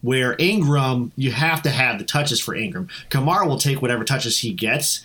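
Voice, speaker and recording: A man's voice: medium pitch, lively intonation, moderate pace, a bit bright. A man co-hosting a sports podcast, analyzing players in an earnest, emphatic way.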